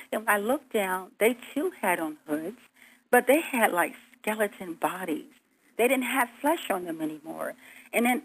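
A woman telling her story in an earnest, vivid way, voice at an ordinary middle pitch. She acts out her own pleas as she goes. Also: rough recording. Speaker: guest. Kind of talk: recounting a near-death experience.

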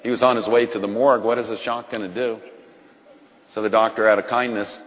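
A man, a doctor, telling a dramatic story on a Christian TV talk show, swinging from hushed lines to loud excited bursts. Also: fairly low pitch, a little fast, in a large hall, poor audio. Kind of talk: animated storytelling.

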